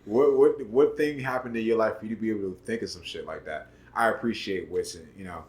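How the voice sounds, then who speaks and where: Deep-voiced laid-back man. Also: fast talker. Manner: laid-back, lots of "you know what I'm saying", swings loud and soft. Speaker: podcast co-host. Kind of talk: casual chat.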